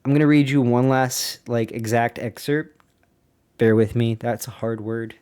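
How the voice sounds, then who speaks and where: A man hosting a casual podcast, reading a diary aloud and breaking off into animated, incredulous asides to his listeners. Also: mid-range voice, a little slow, clean tone. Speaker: podcast host.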